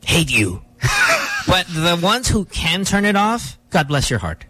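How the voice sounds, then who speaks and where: Lively, joking radio host man. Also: high voice, a little slow, breathy edge. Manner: joking, code-switching into Tagalog. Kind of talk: morning radio banter.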